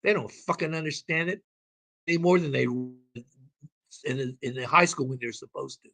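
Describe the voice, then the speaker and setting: A man's voice: mid-range voice, normal speed, creaky, pushed and bright. A man talking as a call-in show guest, explaining at length in an emphatic, rambling way and swearing now and then. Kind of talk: casual explanatory talk.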